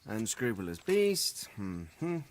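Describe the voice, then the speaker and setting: An actor playing a stern, dignified noble lord in a video game, speaking in a formal, measured way. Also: male voice, on the low side. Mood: grave. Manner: formal, measured, expressive delivery.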